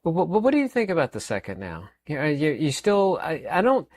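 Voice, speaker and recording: A man's voice: on the high side, wildly swooping pitch, fairly quick, a little mellow, no room sound. A man in his fifties giving a rambling, emphatic opinion monologue as a channel host, often repeating words and using fillers. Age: 50s.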